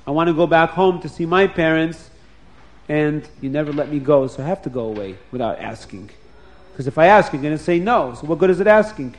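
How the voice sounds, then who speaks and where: A man's voice: on the high side, lively intonation, brisk, lightly acted. A man doing a weary, exasperated laborer. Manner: reasoning, exasperated. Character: weary, put-upon hardworking man pleading his case.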